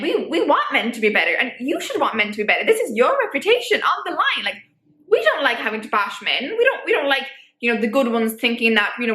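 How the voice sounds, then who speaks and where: A young woman vlogger making her case in an animated, rhetorical way, with many fillers. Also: high-pitched. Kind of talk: opinion vlog. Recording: echoey room.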